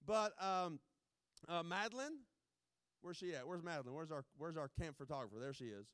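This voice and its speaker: A pastor giving informal, joking remarks before a sermon, rambling with many restarts. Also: male voice, fairly high pitch, expressive, moderate pace, a bit bright, clear, resonant tone, no room sound, studio quality.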